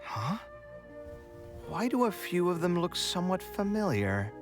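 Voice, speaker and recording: An actor playing a soft-spoken young man who is puzzling over his mother's old diary. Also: sits high, very animated, a little slow, full character voice. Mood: wondering. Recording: game audio with clear music behind.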